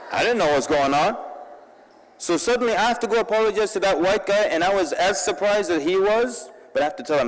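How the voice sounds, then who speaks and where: A man with a fairly high voice gives a lively, story-driven talk to a convention crowd, slipping Arabic words into his English. His voice rings out in a large hall with a long echo. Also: fairly quick. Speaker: convention speaker. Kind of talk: humorous public talk.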